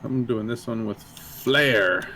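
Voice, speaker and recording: A man's voice: medium pitch, slow, sharp tone, poor audio. A man taking part as a player at a tabletop game, speaking in a mid-range voice. He tosses in playful, joking asides. A faint ambient hiss sits behind him. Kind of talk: casual chat at a game table.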